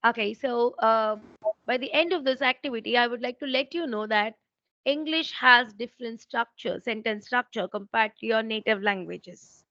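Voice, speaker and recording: A woman's voice: a little high, moderate pace, pushed and bright, no echo, dull audio. A woman with an Indian accent, an English teacher explaining pronunciation rules and checking that she is understood. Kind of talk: online teaching exchange.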